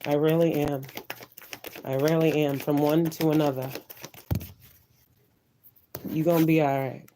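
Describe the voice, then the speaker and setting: Woman tarot reader on a live stream: mellow, warm tone, emotional and preachy, drops to soft near-whispers. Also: sits low, fairly even intonation, unhurried, pauses often, slight background noise, poor audio. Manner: emotional, preachy, repetitive affirmations, swears.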